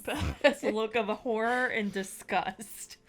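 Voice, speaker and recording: Woman podcast co-host, unhurried self-mocking reader, a bit high. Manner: sheepish, self-mocking, laughs at herself. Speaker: podcast co-host and fanfic author. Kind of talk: reading her old fanfic aloud.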